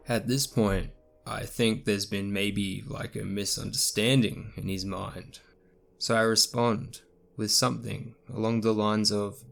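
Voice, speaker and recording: A man narrating a true scary story in the first person, in a steady, scripted storytelling manner. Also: fairly low pitch, unhurried, vocal fry, faint music behind.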